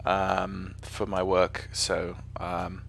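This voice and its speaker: A man's voice: low voice, completely flat delivery, very slow, creaky, fairly bright tone, a little hiss or hum. A man with an English accent chatting casually on a live stream while flying a simulator, rambling and often correcting himself. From England. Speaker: flight sim streamer.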